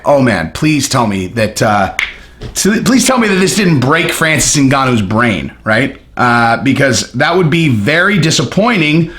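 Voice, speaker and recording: A man giving a casual, jokey opinion monologue on fighting, animated and quick to break into impressions. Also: mid-range voice, roomy sound. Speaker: MMA commentator.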